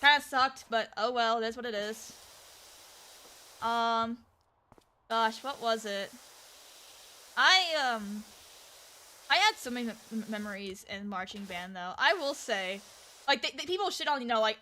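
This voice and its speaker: A woman with a high, bright voice chats casually on a stream while she plays. She tells a rambling story full of fillers and restarts. She voices the people she quotes along the way. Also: animated, normal speed, long pauses. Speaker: VTuber streamer.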